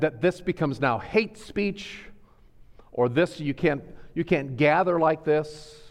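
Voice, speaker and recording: A man preaching a sermon as a pastor. He swings between quiet, low stretches and loud, urgent, rising emphasis. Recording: long hall reverb.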